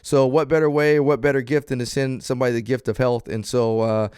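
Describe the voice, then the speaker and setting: Smooth-voiced man hosting a podcast. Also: medium pitch, flat delivery, a little fast, darkish tone, no echo, clean studio sound. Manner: upbeat, laughs easily, earnest when closing. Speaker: podcast host. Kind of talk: casual podcast chat.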